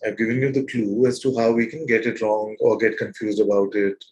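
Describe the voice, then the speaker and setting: A man leading a satsang as spiritual teacher, probing his listeners with repeated questions in a gentle, playful way. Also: lowish voice, fairly even intonation, brisk, muffled recording. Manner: gentle and playful, with soft laughs. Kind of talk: satsang teaching to a live group.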